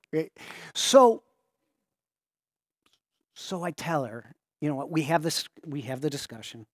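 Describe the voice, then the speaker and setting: A man preaching in a casual, storytelling way, his pitch a touch higher than most men's. He stops and restarts his sentences and sinks into hushed, quiet stretches. The sound is dry and close, with no room echo. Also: animated. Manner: halting, restarts sentences, often drops to a hushed low voice. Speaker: pastor. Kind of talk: conversational sermon storytelling.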